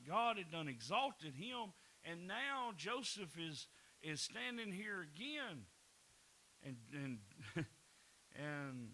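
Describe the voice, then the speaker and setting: A pastor preaching a folksy sermon, often repeating words and breaking into laughs. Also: male voice, on the high side, bright, forceful tone, rough recording.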